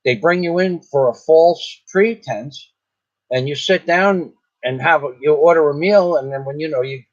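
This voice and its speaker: A man's voice: a little high, normal speed, highs cut off. A man telling a rambling, indignant story in a casual vlog, often restarting his sentences. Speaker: vlogger. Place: in the Philippines.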